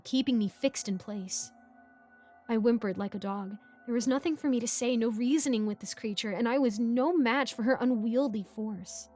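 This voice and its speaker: A woman's voice: medium pitch, darkish tone. Woman narrating a horror story. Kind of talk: scripted first-person horror narration. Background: background music.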